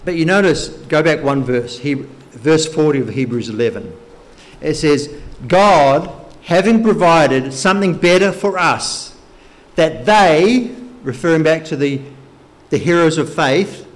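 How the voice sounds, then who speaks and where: Guy preaching a sermon, slow and emphatic, kinda higher voice. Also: lively intonation. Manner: slow, emphatic Bible teaching with occasional light laughs.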